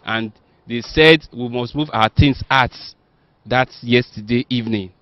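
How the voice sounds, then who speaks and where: A man's voice: medium pitch, a little slow, no room sound. A man recounts events in a matter-of-fact yet aggrieved way. The audio is dull, dry and lo-fi. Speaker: resident. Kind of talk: interview testimony.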